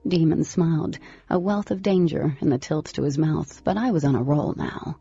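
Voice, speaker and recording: A woman narrating a first-person novel in an expressive, animated way. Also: low voice, moderate pace, creaky, husky, no room sound. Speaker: audiobook narrator. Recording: slightly lo-fi with faint music.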